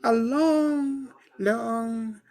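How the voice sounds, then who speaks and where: A woman voicing Phoenix, an odd, overly polite stranger who jumps up into a squeaky high register in a tabletop game. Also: drawn-out words, a little mellow. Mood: quirky.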